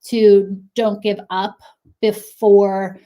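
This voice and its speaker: Woman, 30s, consultant type, mid-pitched, chatty and encouraging, a little breathless. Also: little pitch movement, drawn-out words, mellow. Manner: chatty, encouraging, frequent fillers. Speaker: clothing brand consultant. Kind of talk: casual advice talk to camera.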